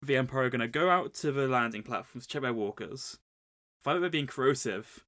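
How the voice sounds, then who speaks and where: A man co-hosting a podcast, recapping a book in a wry, deadpan way. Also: mid-range voice, fairly quick. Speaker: podcast co-host.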